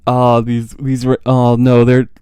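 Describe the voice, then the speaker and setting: A young male streamer gives live reaction commentary in an unhurried, mellow voice. His tone is smooth and clean. The sound is dry and close. He reacts as an excitable fan, gasping, laughing and losing his train of thought. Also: mid-range voice, no echo. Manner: excitable fan, gasps, laughs and frequent trailing restarts. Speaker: streamer reacting to a manga chapter.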